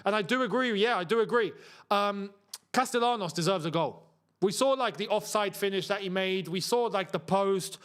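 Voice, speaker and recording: A young man hosting a live football watchalong, reacting to the match with chatty asides and excited outbursts. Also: high voice, normal speed, clean tone. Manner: excitable, shouts and laughs at chances, chatty asides.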